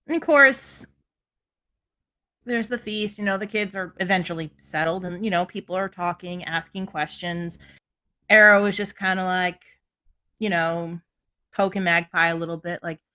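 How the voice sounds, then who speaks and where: Bright-voiced woman running a tabletop game. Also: on the low side, steady tone, moderate pace. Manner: chatty, loose, full of fillers and asides. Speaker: game master.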